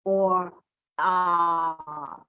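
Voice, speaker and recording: Slow, hesitant woman teaching over a call. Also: on the low side, fairly even intonation, smooth, phone-quality sound. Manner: hesitant, many fillers and restarts. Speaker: speaker on overcoming fear. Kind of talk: unscripted teaching talk.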